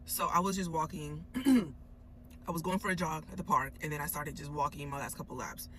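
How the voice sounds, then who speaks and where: Bright-voiced woman telling a story in a car. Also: low voice, a little fast, slight background noise, low-quality recording. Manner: animated, emphatic, swears freely. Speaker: storyteller recounting an encounter. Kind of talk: casual storytelling vlog. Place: inside a parked car.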